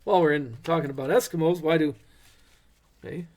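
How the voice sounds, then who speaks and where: A man's voice: a little high, fairly quick, darkish tone. A middle-aged man hosting a live card break, chatting casually and cracking corny dad jokes.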